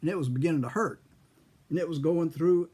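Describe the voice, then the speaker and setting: An older man telling a folksy childhood story, husky with a frog in his throat, chuckling often. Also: fairly high pitch, brisk, mellow. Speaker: pipe-smoking storyteller. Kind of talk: casual storytelling.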